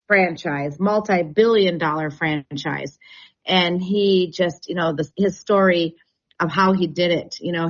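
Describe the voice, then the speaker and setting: A chatty woman tells stories and laughs often as a guest on a radio show. Her voice sits somewhat low, and the broadcast has a dull, muffled sound. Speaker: real estate agent and radio show guest. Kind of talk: casual radio chat.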